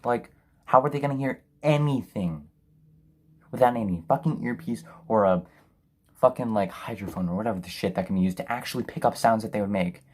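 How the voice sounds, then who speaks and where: A man's voice: lowish voice, fairly quick. A man reviewing a film in a sarcastic, profane, exasperated rant. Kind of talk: ranting film review commentary.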